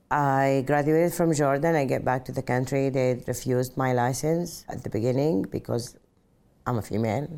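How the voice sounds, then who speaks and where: A woman's voice: very deep voice, darkish tone. A middle-aged woman from Arabia, a pilot telling her story in an earnest, reflective interview and often saying "just like". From Saudi Arabia.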